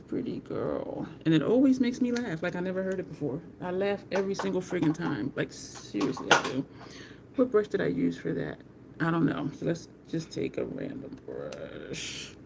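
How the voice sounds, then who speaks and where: A woman's voice: on the low side, vocal fry, a little mellow, a little hiss or hum. A middle-aged woman, chatting and laughing with her viewers as she does her makeup live. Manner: chatty, laughs often, greets viewers by name. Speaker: makeup livestream host. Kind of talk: casual livestream chat while doing makeup.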